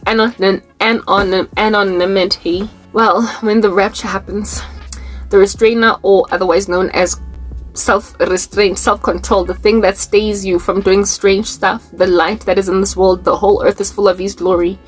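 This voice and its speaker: A woman's voice: mid-range voice, flat delivery, normal speed, faint music behind. Laughing South African woman preaching. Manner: laughs often, repeats words for emphasis. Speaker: online preacher. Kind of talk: unscripted prophetic sermon to camera.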